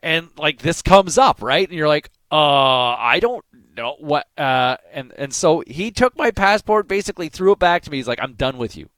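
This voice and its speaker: A man's voice: fairly high pitch, animated, normal speed, few pauses, fairly bright tone, dry recording. A Canadian man hosting a morning radio show, telling a story in a rambling casual way and growing more worked up as he goes. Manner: rambling, with many fillers and restarts, gets worked up.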